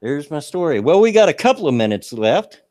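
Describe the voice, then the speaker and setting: A man's voice: on the high side, very animated, fairly quick, darkish tone, no room sound, clean studio sound. A man hosting a casual talk show, telling a story with frequent chuckles and restarts. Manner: chatty, laughs through his own story, frequent restarts.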